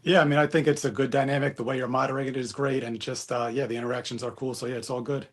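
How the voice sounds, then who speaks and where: A man speaking quickly with a husky edge to his voice. He chats earnestly as a contestant on a dating show, often padding his sentences with "you know". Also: mid-range voice, flat delivery. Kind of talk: casual chat.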